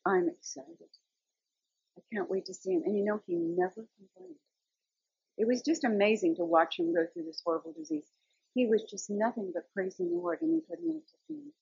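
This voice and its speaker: Gravelly, husky woman giving a devotional talk. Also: mid-range voice, lively intonation, a little fast, darkish tone, no echo, highs cut off. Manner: earnest, storytelling, conversational. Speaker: Christian speaker.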